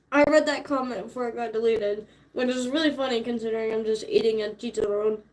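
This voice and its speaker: A woman's voice: on the high side, a bit bright. A woman in her twenties chatting casually with viewers, laid-back and slangy, laughing often. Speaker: streamer. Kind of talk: casual chat.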